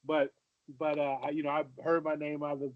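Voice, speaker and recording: Man, 40s, podcast storyteller with a fairly high voice, dull dry lo-fi audio. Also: monotone, a little fast, dry recording. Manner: anecdotal, repeats and restarts phrases. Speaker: podcast co-host, former football player. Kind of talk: casual storytelling chat.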